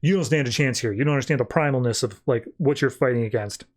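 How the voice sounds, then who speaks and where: A man's voice: mid-range voice, quick pace, close to an everyday voice. A man voicing a nonchalant female goddess of life, talking in an offhand way.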